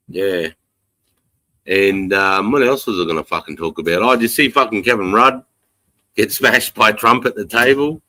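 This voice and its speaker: Aussie bloke on a livestream, low voice, blunt and sweary, dry close sound. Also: male voice, sharp tone, no echo. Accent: Australian. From Australia. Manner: blunt, profane, rambling. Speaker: livestream host reading chat. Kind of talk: casual live chat.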